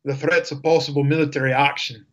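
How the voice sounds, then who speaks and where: A man's voice: on the high side, steady tone, fast talker, fairly bright tone. A man reading news in an exaggerated, clumsy mock Scottish accent. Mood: mock serious.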